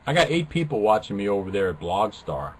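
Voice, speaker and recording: Joking, lively man. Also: fairly low pitch, fairly quick. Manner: flippant, joking, self-mocking. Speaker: live webcast host. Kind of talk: casual rambling chat with viewers.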